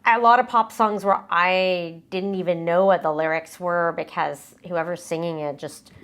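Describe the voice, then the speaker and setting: A young woman singer being interviewed in a casual chat. She recalls stories hesitantly and laughs softly. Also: fairly low pitch, fairly even intonation, moderate pace. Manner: hesitant, many fillers and restarts, soft laughs.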